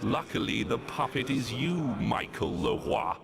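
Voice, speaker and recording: A man's voice: medium pitch, a little slow. An actor playing Legion, a grandiose ancient male villain who mocks and gloats, voiced in a video game cutscene. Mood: gloating. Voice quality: gravelly, theatrical and mocking. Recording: game audio with loud background noise.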